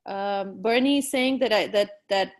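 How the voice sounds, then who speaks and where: A woman's voice: medium pitch, measured pace. Effusive woman hosting a live stream. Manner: effusive and encouraging, with frequent fillers. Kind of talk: live stream chat, reading viewer comments aloud.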